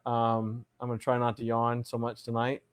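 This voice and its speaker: A man's voice: medium pitch, completely flat delivery, normal speed, clean tone. A man hosting a casual live chat show, greeting viewers with showman flair and reading their comments aloud. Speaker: livestream host.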